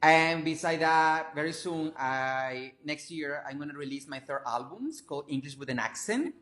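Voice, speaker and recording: Energetic male performer, Latin American Spanish accent, slightly high voice, effusive chat. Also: normal speed, reverberant. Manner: energetic, effusive, non-native phrasing. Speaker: performance artist, interview guest. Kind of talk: casual interview chat.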